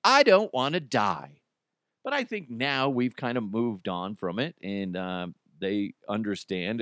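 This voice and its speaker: A man's voice: lowish voice, clean tone, no room sound, clean studio sound. A man hosting a comedy podcast, rambling casually and laughing at his own jokes. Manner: rambling, self-laughing, animated. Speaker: podcast host.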